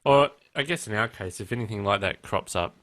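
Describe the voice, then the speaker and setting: A man's voice: on the low side, brisk, a bit bright. This man chats casually as a podcast co-host. He is blunt and rambling, often restarting his sentences before he carries on. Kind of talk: casual chat.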